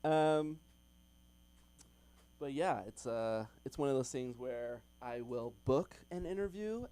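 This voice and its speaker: A man's voice: on the high side, unhurried, warm tone, clean tone, no echo. A young man doing open mic stand-up in a comedy club, chatty with lots of ums and little laughs.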